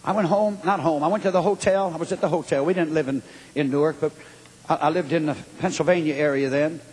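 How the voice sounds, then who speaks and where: A man preaching a fiery revival sermon with a husky voice, dropping low to tell a story and rising to shouts. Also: steady tone, fast talker. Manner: swings from low storytelling to shouted high exclamations. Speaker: evangelist preacher. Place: large hall at a revival meeting. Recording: long hall reverb.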